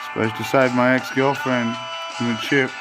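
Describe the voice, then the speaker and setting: A man's voice: mid-range voice, level tone, moderate pace, loud music behind the voice. A man rambling casually to his viewers in a jumpy phone vlog. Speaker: vlogger.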